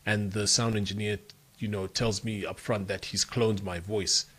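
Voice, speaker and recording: A man with a lowish voice speaks as a guest on a radio interview. He talks thoughtfully and haltingly, repeating words as he works out his points. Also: flat delivery, a bit bright, husky. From Africa. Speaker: voiceover artist.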